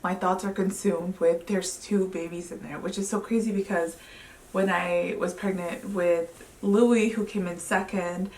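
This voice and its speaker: Chatty young mom in an echoey room. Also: female voice, lowish voice, measured pace. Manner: chatty and excitable, frequent "like" fillers. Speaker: vlogger. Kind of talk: casual storytelling to camera. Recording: roomy sound, mic at a distance.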